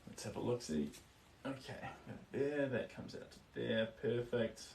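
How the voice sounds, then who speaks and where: A man's voice: medium pitch, lively intonation, unhurried, creaky, a little mellow, recorded from a distance, a little hiss or hum. A man with a New Zealand accent chatting casually on a live stream while he paints. He murmurs to himself about his strokes and stops now and then to answer viewer comments.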